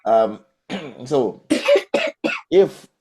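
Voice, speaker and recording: A man hosting a podcast and interviewing children, often pausing and repeating his questions in new words. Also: mid-range voice, big pitch swings, a loud crowd. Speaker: podcast host.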